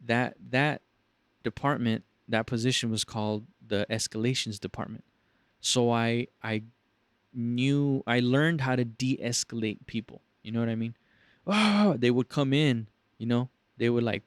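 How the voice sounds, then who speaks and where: A man's voice: mid-range voice, unhurried, no echo. A young man telling a story on his podcast, swearing freely and acting out angry callers in raised voices. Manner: profane, animated, acts out callers in raised voices. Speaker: podcast host. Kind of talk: casual storytelling chat.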